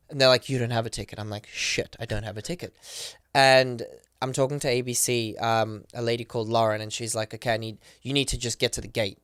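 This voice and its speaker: A man on a podcast as a guest, telling a story casually, excitedly and quickly, with lots of "like" and acted-out quotes. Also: mid-range voice, clear, resonant tone, dry recording, clean studio sound. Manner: excited, rapid retelling full of "like" and acted quotes. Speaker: podcast guest, professional dancer.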